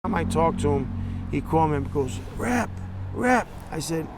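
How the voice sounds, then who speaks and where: A man's voice: a little high, fairly even intonation, moderate pace, background noise. A man telling his story in a documentary interview, acting out phone calls with quoted voices. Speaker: documentary interviewee, state representative.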